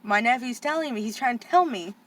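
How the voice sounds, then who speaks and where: A woman's voice: on the high side, animated, brisk. A young woman vlogging in a heated, frustrated monologue, full of "like" and "you know". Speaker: vlogger, aunt of a boarding-school student.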